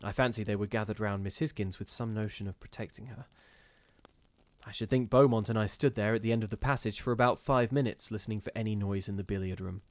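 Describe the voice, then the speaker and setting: A man reading a gothic ghost story aloud in a measured, steady storytelling manner with occasional brief restarts. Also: fairly low pitch, dry recording. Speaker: reader of ghost stories.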